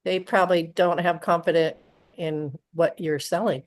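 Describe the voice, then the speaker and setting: A woman's voice: fairly low pitch, fairly even intonation, normal speed. A woman taking part in a casual group call, giving her view plainly. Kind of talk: casual discussion.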